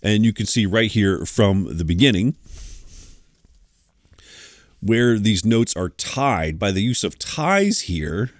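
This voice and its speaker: A man with a very low voice teaching music theory, now and then scatting short rhythm patterns aloud. The sound is dry and close, with no room around it. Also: big pitch swings, slow, long pauses, no echo. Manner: scats rhythms aloud between explanations. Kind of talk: online lesson.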